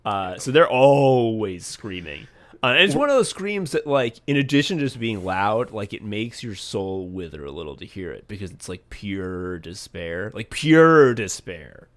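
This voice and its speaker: A man co-hosting a podcast in casual comedic chat, reading patron names with deadpan absurd jokes. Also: fairly low pitch, moderate pace. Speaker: podcast co-host.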